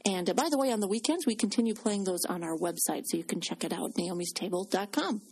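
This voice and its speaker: A woman's voice: mid-range voice, quick pace, darkish tone, husky. A woman co-hosting a faith-based radio talk program. She talks in a loose, rambling way, full of fillers and false starts. The sound is a plain studio setup. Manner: chatty, many fillers and restarts. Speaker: radio co-host. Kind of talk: casual Christian radio talk.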